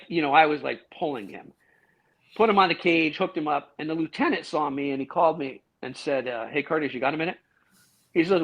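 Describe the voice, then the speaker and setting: A middle-aged man, a guest in a casual interview, telling a long story with lively acted-out quotes and frequent restarts. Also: medium pitch. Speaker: guest, former police officer. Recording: dull, lo-fi sound.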